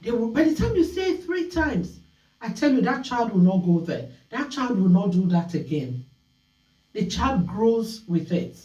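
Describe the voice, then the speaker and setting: A woman hosting a call-in talk show, telling stories in an animated way and acting out scolding voices. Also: medium pitch, a little slow, reverberant, recorded from a distance, poor audio.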